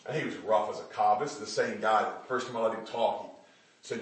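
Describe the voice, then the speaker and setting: A man preaching a sermon with fervour, building up to loud shouts. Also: lowish voice, fairly even intonation, fast talker. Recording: echoey room, distant mic.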